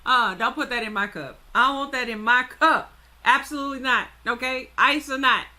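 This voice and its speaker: A woman hosting a reaction video, giving casual, animated comments between clips. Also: high-pitched. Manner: animated, laughing interjections.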